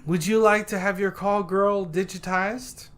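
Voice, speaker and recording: A woman's voice: mid-range voice, fairly even intonation, measured pace. A woman co-hosting a podcast, joking and teasing in casual chat and swearing freely. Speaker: podcast co-host.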